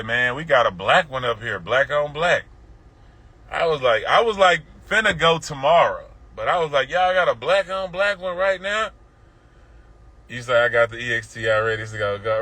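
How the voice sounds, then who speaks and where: Bright-voiced Houston man telling stories. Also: a little high. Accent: Houston, Southern US. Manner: laid-back, profane slang-heavy storytelling; talks to viewers directly. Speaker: livestream host. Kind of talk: casual storytelling on a live stream.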